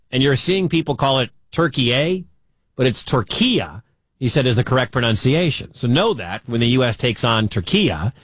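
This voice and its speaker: American guy on sports radio, rambly and animated, super dry booth sound. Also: mid-range voice, no room sound. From United States. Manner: chatty and animated, rambling with restarts. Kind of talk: casual sports talk radio.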